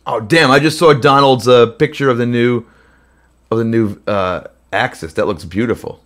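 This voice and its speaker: A man's voice: medium pitch, normal speed. A man who is under the weather hosts a live question-and-answer stream from his home studio, chatting loosely with many fillers between songs. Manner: rambling, filler-heavy chat. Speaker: host. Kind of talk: live Q&A with singing. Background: guitar playing.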